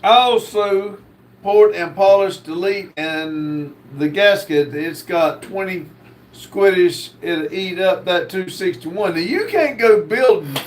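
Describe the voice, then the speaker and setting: A man hosting a casual livestream, reading viewer comments aloud in a slow drawl. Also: high voice. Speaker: livestream host reading chat.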